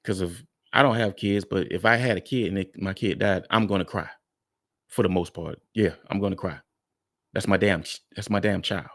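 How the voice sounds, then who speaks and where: A man's voice: low-pitched, normal speed, a bit bright, dry recording, clean studio sound. A man hosting a reaction video, talking bluntly and frankly to his viewers in casual commentary.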